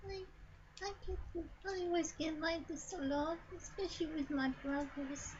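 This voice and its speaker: A woman playing a shy young filly pony in a pony tabletop game, speaking softly and hesitantly. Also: high-pitched, normal speed, muffled recording, slight background noise, close to an everyday voice. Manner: timid, hesitant, soft.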